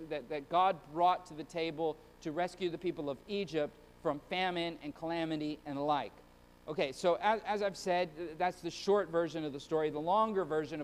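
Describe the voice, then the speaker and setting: A man's voice: high-pitched, big-room sound. A male pastor preaching an earnest Sunday-morning sermon to his church, often stumbling and repeating words.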